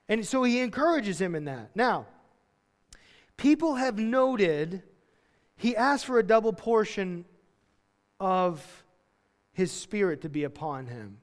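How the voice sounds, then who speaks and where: A high-voiced man preaching to his congregation, telling the story with animated, casual energy and slipping into the voices of the characters. His voice carries a long reverb, as if filling a large church hall. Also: takes it slowly, pauses often. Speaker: pastor. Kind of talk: sermon. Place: church sanctuary.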